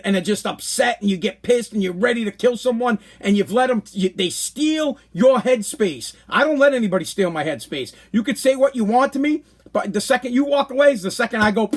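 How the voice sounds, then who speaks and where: A middle-aged man hosting a podcast, giving blunt, animated advice with lots of repetition. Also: high-pitched, moderate pace, few pauses. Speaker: podcast host. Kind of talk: casual livestream monologue.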